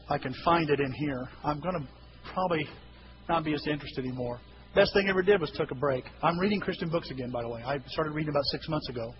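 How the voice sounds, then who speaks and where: A male pastor preaching a sermon, telling stories with lively acted-out voices and sudden shouts. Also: a little high. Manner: animated storytelling, acting out voices with shouts. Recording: dull lo-fi recording with hiss.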